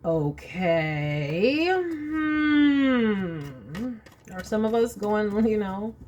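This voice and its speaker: A woman's voice: medium pitch, lively intonation, very slow, a little mellow, muffled recording, slight background noise. A woman reading tarot cards at home in a casual, chatty way, thinking aloud as she draws each card. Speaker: tarot reader.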